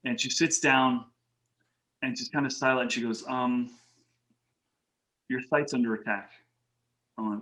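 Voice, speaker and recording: A man as a podcast guest, telling lively anecdotes in casual talk and acting out the people in them. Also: mid-range voice, unhurried, pauses often. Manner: animated anecdotes with quoted voices. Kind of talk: casual storytelling interview.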